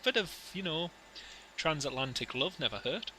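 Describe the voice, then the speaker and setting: A man's voice: on the high side, expressive, normal speed, pushed and bright, a little hiss or hum, low-quality recording. Chatty man streaming flight sim. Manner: chatty, jokey, rambling asides to viewers. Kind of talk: casual live-stream chat with radio calls.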